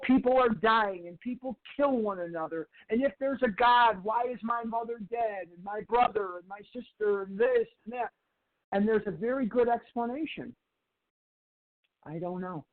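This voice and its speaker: A man giving a twelve-step recovery talk in a storytelling lecture style, slowly repeating phrases for emphasis. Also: sits high. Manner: slow, emphatic repetition of phrases. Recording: tinny phone-like sound.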